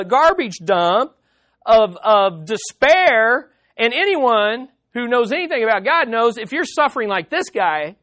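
A man preaching an expository sermon in a conversational, animated way, with vivid sound effects. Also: high-pitched, no room sound. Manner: conversational, with frequent fillers. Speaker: pastor.

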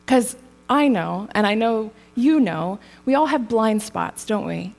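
A woman's voice: medium pitch, animated, unhurried, vocal fry, a little mellow. A woman preaching a sermon in a casual, storytelling way, laughing lightly now and then.

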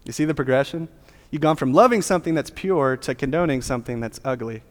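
A man's voice: mid-range voice, animated, fast talker. A man preaching a sermon as a pastor, with a casual, joking, conversational delivery. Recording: long hall reverb.

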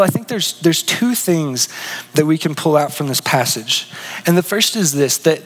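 A man preaching a sermon in an earnest, questioning way, often dropping to a soft hush. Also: on the high side, husky, in a large hall, rough recording. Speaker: pastor.

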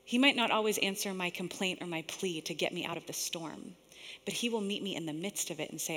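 A woman preaching a sermon in a lively, conversational way, often laughing and dropping to a whisper for quoted lines. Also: fairly low pitch, a little fast. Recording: long hall reverb.

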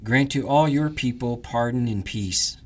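A man leading morning prayers, reading the liturgy in a measured, reverent way. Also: medium pitch. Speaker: prayer leader.

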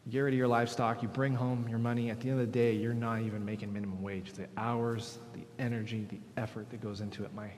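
A man preaching a sermon, retelling a parable in his own words and acting out the workers' voices with lively emphasis. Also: mid-range voice, fast, hardly any pauses, a little hiss or hum. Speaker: pastor. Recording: long hall reverb.

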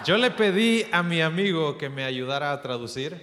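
A man's voice: fairly high pitch, animated, quick pace, noisy background. Visiting male pastor, nervous, short interpreted phrases, reverberant hall. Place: large church sanctuary. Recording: echoey church hall with faint ambience.

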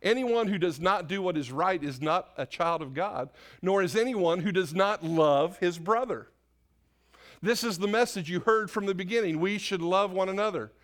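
A man's voice: high-pitched, normal speed, a bit bright. A male pastor preaching an informal sermon to a church congregation, correcting himself often and putting questions to the room. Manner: off-the-cuff, self-correcting, asks the congregation questions. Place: church sanctuary.

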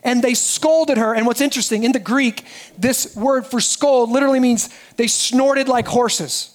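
A man preaching a sermon as pastor, animated and dropping his voice low and quiet for emphasis. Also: moderate pace. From United States.

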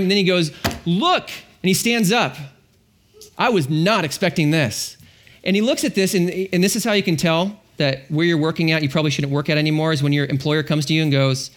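Man, pastor, sermon, animated storytelling, fairly high voice, middle-aged. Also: moderate pace. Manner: animated storytelling, acts out biblical characters.

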